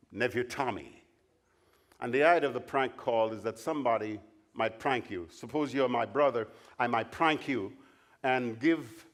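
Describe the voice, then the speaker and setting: A man's voice: mid-range voice, fairly bright tone. A man preaching a Bible study at a camp meeting, telling stories and acting out the dialogue in them. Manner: storytelling, acts out dialogue in different voices. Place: large meeting hall or tent.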